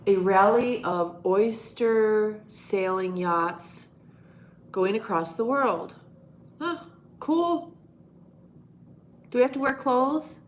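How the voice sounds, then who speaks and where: A woman with a medium-pitched, animated voice hosts a casual live stream, taking it slowly with long pauses. She jokes with and teases her viewers, now and then breaking into loud monkey noises.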